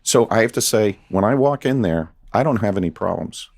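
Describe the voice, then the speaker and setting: A man with a fairly low voice hosts a casual podcast conversation. He talks easily, relating his own experiences of running a business. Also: lively intonation, fairly quick, gravelly, darkish tone.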